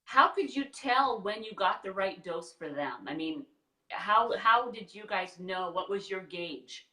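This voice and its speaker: A woman interviewer reacting in a gushing, expressive way and asking questions. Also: mid-range voice, unhurried. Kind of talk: emotional interview chat. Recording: roomy sound from a distant mic.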